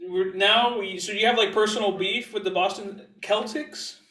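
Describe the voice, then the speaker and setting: Teasing high voiced guy, sounds far from the mic in an echoey room. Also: fairly even intonation, normal speed, bright, forceful tone. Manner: teasing, short interjections. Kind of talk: casual chat. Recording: roomy, distant mic.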